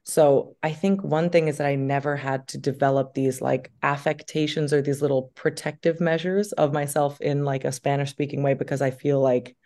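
Chatty woman with a gravelly edge. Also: deep voice, moderate pace, hardly any pauses. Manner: animated, chatty, with many fillers. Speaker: actress, guest. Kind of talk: casual interview chat.

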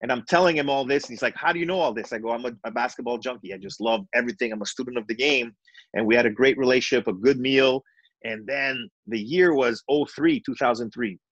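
Middle-aged guy, retired coach spinning lively stories, acts out the voices, dry close mic. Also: medium pitch, quick pace, no room sound, muffled recording. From Montreal, Canada. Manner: animated, acts out dialogue in his stories. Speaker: retired basketball coach, guest. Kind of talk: storytelling in a podcast interview.

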